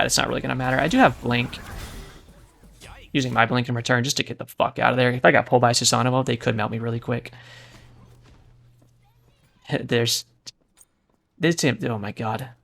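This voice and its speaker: Man, gravelly voice, gameplay commentary, sarcastic, swears freely, faint music behind. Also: medium pitch, fairly bright tone. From United States. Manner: brash, profane, sarcastic banter.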